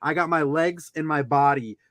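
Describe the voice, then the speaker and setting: Male co-host, casual storyteller, slightly high voice, animated with sudden high-pitched outbursts. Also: moderate pace, no echo. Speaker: podcast co-host.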